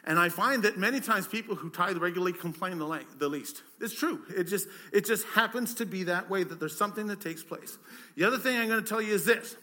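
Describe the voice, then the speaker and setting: A man's voice: high-pitched, brisk, pushed and bright. A man, a pastor, preaching a conversational sermon, full of rhetorical questions and repeated words.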